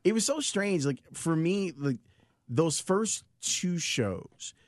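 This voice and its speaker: A man in casual chat, halting and hedging often. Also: fairly high pitch, sing-song, no echo, clean studio sound.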